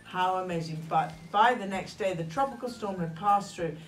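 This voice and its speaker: A woman's voice: lowish voice, normal speed. A woman reading a picture book aloud, playful, sometimes speaking to a child listening. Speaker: storybook reader. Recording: roomy room, mic at a distance, faint hum.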